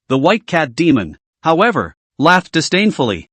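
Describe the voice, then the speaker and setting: A man's voice: on the high side, big pitch swings, measured pace, hardly any pauses, fairly bright tone, dry recording. A man narrating a fantasy comic recap, reading with small restarts.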